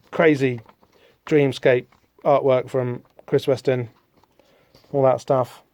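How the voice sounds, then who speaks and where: Rambling man, dark dry voice. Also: fairly high pitch, no room sound. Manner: rambling, self-deprecating, apologetic asides. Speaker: podcast host. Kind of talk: casual solo comic-book discussion.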